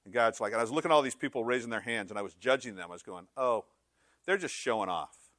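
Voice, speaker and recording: A male pastor delivers a sermon in a bright, ringing voice, close to the mic in a dry room. He keeps it lively, breaking into exaggerated character voices to act out everyday scenes. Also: mid-range voice, rapid-fire, no room sound. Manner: animated storytelling with comic voices.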